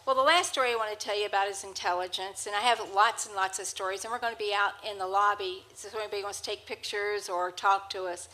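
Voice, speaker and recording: Bright, chatty woman telling stories. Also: medium pitch, steady tone, quick pace, few pauses, poor audio. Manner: chatty, rambling, with restarts. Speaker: storyteller on stage. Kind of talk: live anecdotal storytelling. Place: presentation hall with an audience. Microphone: handheld microphone.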